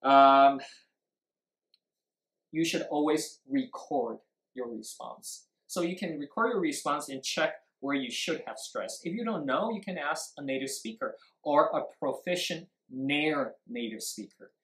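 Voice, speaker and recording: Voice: medium pitch, expressive, a little slow, a bit bright. Emphatic teacher explaining intonation in a roomy echo. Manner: emphatic, demonstrates stress and intonation with examples; switches briefly into Mandarin to explain. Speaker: English speaking teacher. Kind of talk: live-streamed speaking lesson.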